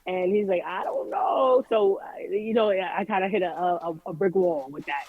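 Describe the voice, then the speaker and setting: A woman artist from Jamaica talks openly and chattily in a casual remote interview, bringing people's words to life with lively voices. She has a lowish voice and a brisk pace. The audio is free of echo but narrow and tinny.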